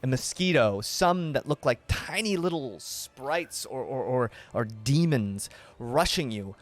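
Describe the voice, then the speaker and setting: A man's voice: mid-range voice, animated, a little slow, faint music behind. A man narrating a tabletop game as game master, describing scenes with many restarts and repeated words.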